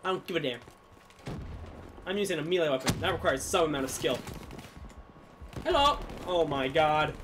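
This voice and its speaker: Excitable gamer man yelling at his game. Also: on the high side, background noise. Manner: excitable, swings between muttering and yelling. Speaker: gaming YouTuber. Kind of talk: live gameplay commentary.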